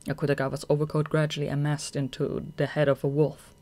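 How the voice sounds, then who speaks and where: A narrator reading a fan audiobook in an even, measured way. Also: mid-range voice.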